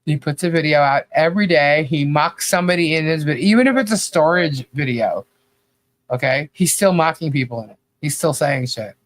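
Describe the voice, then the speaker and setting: Talking fairly quickly in a slightly high voice, the man co-hosting the podcast goes on a blunt, meandering critical rant, full of casual cursing and "you know."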